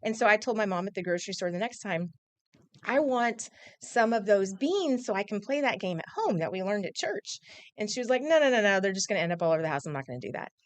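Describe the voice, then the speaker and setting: A woman's voice: medium pitch, fast talker, dry recording. A woman in her forties, a news anchor, chatting casually on air and telling a story with acted-out quotes. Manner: animated storyteller, acts out quotes. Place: TV news studio.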